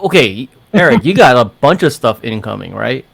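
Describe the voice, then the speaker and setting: Gravelly man chatting with friends. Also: mid-range voice, very animated, normal speed, a bit bright. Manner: chatty, laughs often, sharing his screen. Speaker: podcast co-host. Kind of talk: casual chat.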